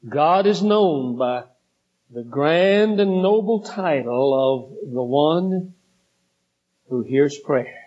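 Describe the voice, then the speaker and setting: A man preaching a sermon, slow and deliberate, building in intensity. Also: fairly high pitch, lively intonation, darkish tone. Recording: dull lo-fi recording.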